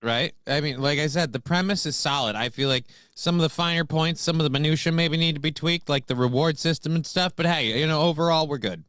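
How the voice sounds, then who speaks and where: A male co-host with a slightly high voice, trading wry remarks in relaxed, swearing banter. His sound is dry, close to the mic. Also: brisk, hardly any pauses, clear, resonant tone, no room sound. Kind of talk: casual profane chat.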